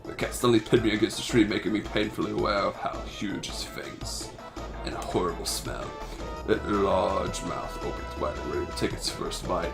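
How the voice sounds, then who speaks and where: A man reading a game's story text aloud in a halting, stumbling way, with self-mocking asides, recorded on a home mic. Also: low voice, creaky. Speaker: amateur voice actor reading a game. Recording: faint music behind.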